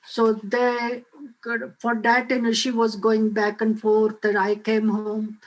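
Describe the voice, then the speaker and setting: An older woman on a video call telling a personal story, halting often with filler phrases. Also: on the high side, completely flat delivery, poor audio. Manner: halting, frequent "you know" fillers. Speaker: guest speaker.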